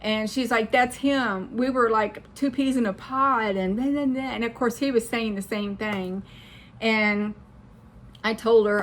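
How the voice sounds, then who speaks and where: Middle-aged woman vlogger and medium, casual rambling storytelling, earnest, middle pitch. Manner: rambling, earnest, repeats phrases for emphasis. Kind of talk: casual personal storytelling to camera.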